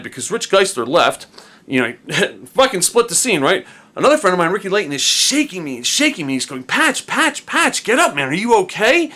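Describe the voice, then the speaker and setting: Lively bright-voiced man telling a story. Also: high-pitched. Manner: animated, slangy, peppered with "dude" and "man". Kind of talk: casual spoken storytelling.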